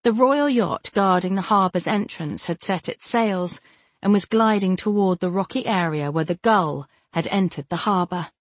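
Steady woman narrating a fantasy novel. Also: mid-range voice, normal speed, dry recording. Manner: steady, even storytelling. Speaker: audiobook narrator.

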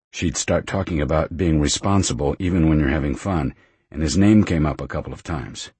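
Deep gravelly guy reading an audiobook, measured, dry close sound. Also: darkish tone, no room sound. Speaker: audiobook narrator. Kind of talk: scripted narration.

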